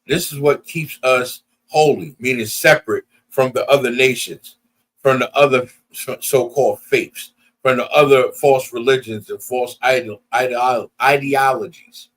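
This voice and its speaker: A man's voice: mid-range voice, fairly even intonation, measured pace, a bit bright. A man preaching at a Sabbath service, often breaking in with "you understand?" and calling out to the congregation. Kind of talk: sermon and closing announcements.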